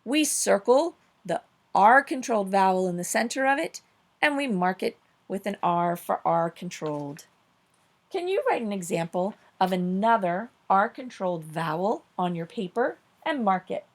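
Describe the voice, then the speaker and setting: A woman leads a recorded phonics lesson for young children. She sounds upbeat and encouraging, praising often and slowing down to stress each example word clearly. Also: medium pitch, very animated. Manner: upbeat, encouraging, slow clear emphasis on words. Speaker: teacher.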